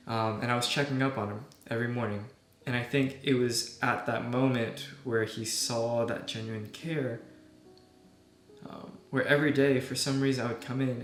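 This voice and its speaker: A young man, a medical student, earnestly telling a personal story in a soft voice that often trails off quietly. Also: mid-range voice. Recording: echoey room with soft guitar music.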